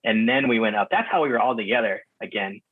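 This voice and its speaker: Husky man on a tinny phone line. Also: on the low side, expressive, fast, no echo. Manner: rambling, many filler words and restarts. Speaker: guest. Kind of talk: casual conversation recounting a trip. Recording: muffled phone-line call.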